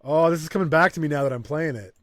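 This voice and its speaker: A man's voice: a little high, fast, no room sound. Man, let's play host, casual gameplay commentary, thinking aloud, dry close mic. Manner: thinking aloud, reading game text.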